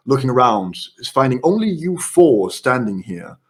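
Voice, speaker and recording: A man running a horror tabletop game as game master, narrating scenes in quick descriptive bursts. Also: medium pitch, big pitch swings.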